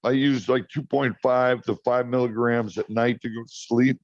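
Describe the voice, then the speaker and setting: A man chatting as a guest on a talk show, telling stories in an animated way and often restarting his sentences. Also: medium pitch, moderate pace, no echo, muffled recording. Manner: storytelling, animated, repeats words when starting. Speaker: guest, cannabis grower. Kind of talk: casual talk show chat.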